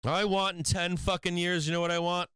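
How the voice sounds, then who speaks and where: A man's voice: high voice, level tone, brisk, a bit bright, clean tone, no room sound. A man hosting a stock trading livestream in casual chat, rambling and swearing freely, often breaking into laughter.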